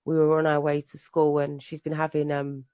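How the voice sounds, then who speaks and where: A woman's voice: low-pitched, completely flat delivery, normal speed, warm tone, clean tone, dry recording. A woman, a mother, sharing her personal recovery story at a meeting, telling it with emotion, repeating herself and restarting often. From England. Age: adult. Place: meeting room.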